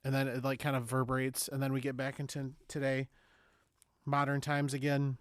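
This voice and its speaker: A man's voice: medium pitch, monotone, fairly quick, no room sound, clean studio sound. A man co-hosting a podcast, casually recapping a movie, swearing, laughing and acting out lines. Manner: profane, laughs a lot, acts out movie lines. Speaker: podcast co-host.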